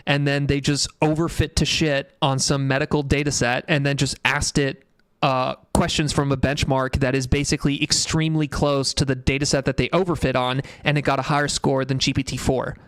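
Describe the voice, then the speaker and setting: A young man talking loosely on a tech livestream, rambling from point to point in a blunt way, with the odd curse thrown in. His voice sits a little high for a man. The sound is close and dry, with no room around it. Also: dry recording. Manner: rambling, blunt and profane, reads chat aloud. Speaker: livestream host. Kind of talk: casual tech livestream commentary.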